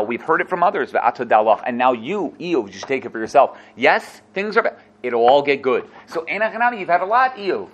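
A man teaching a class on a scripture text. He reads Hebrew verses aloud and then explains each one in quick, lively English. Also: mid-range voice. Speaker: Torah teacher. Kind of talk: animated text-study class.

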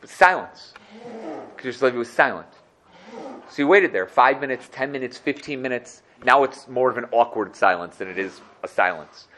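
A man teaching a religious class, telling a story in a conversational, animated way and often checking in with the listeners. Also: mid-range voice, moderate pace.

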